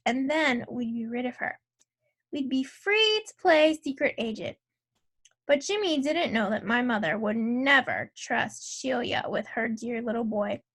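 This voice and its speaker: A woman reading a children's novel aloud as narrator, telling the story in a clear, measured way. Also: on the high side, fairly bright tone.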